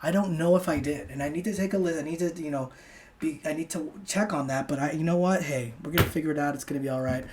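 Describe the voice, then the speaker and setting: A man's voice: fairly high pitch, fast talker, slight background noise. A young man talks on his own podcast in a loose, rambling way. He starts sentences over, trails off and swears casually as he tells a story about his night out. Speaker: podcast host. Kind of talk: casual solo monologue.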